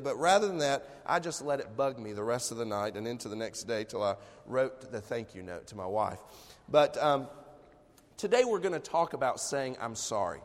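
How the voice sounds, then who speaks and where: A man preaching a sermon as pastor, telling a personal story in a relaxed, conversational way and often clearing his throat. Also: medium pitch, fairly quick, long reverb tail. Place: church sanctuary.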